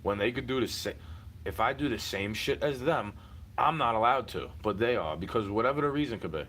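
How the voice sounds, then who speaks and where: A man's voice: medium pitch, expressive, a little fast, fairly bright tone, a little hiss or hum. A man venting in a heated, profane monologue, repeating himself and circling back to the same points.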